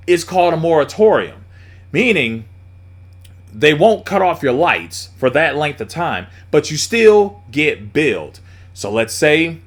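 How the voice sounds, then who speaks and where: A man giving a blunt, profane monologue on prices and bills, mocking people as he goes. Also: on the high side. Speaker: commentator. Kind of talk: opinionated monologue.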